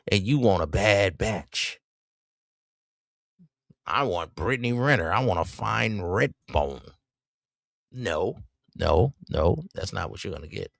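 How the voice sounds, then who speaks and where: A man hosting a podcast, giving preachy, mocking commentary and jumping up in pitch to taunt. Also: creaky, no echo, clean studio sound. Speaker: podcast host. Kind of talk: reacting to clips with commentary.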